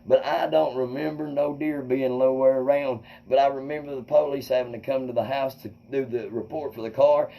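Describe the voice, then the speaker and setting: A man telling a wild personal story to viewers, animated and swearing, acting out quotes loudly. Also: mid-range voice, fairly quick, creaky, hardly any pauses, low-quality recording. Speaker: comedian host.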